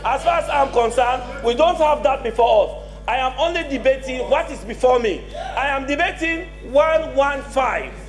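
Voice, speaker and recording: A man argues in parliament and insists on his point again and again. His voice is very high, and the chamber around him sounds roomy and echoing. Music plays clearly in the background. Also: animated, normal speed. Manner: insistent, repetitive argument. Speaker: member of parliament. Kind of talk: parliamentary debate.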